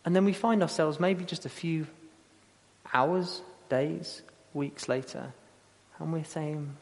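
Lively preacher in a reverberant hall. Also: male voice, fairly high pitch, takes it slowly, creaky, pauses often. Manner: lively storytelling, acting out quotes. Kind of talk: sermon.

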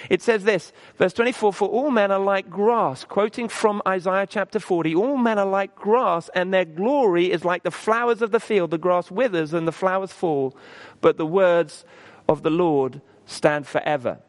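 A man preaching a sermon as pastor, earnest and stumbling through restarts, dropping low and soft on key phrases.

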